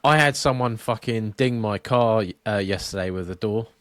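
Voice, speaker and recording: Man, podcast co-host, sweary, animated storytelling, dry close sound. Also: lowish voice, moderate pace, no echo. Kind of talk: casual chat, storytelling.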